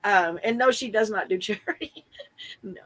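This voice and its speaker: A woman's voice: medium pitch, normal speed, poor audio. A woman guest in a casual conversation, a former client who talks bluntly and candidly, laughing often and swearing mildly.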